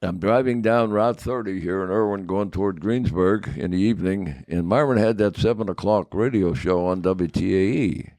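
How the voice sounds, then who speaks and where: An elderly man in his nineties with a low voice tells a story in a slow, meandering way, stopping often to restart his sentences. The sound is dry and close, with no room echo. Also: a little mellow. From United States. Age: 90s. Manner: rambling, halting, with many fillers and repeats. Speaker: podcast guest, former football player. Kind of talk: anecdotal storytelling.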